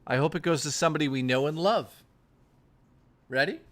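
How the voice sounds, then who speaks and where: A man's voice: a little high, fairly quick, long pauses, fairly bright tone, a little hiss or hum. A man hosting a livestream, chatting casually with viewers, reading out their messages and joking with a lot of swearing. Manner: profane, joking, reading chat aloud. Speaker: streamer host.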